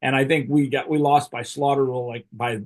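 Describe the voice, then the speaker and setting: A man's voice: mid-range voice, fairly even intonation, brisk. A middle-aged man telling a rambling, profane story in casual chat, often laughing as he goes. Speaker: podcast host.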